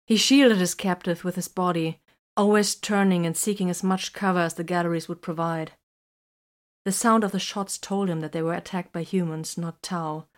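Low-voiced woman narrating a story. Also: steady tone, normal speed. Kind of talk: scripted narration.

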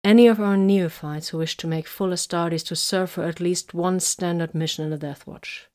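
A woman voicing a shrewd, composed female inquisitor in an audiobook, calm and solemn. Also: on the low side, normal speed, close to an everyday voice.

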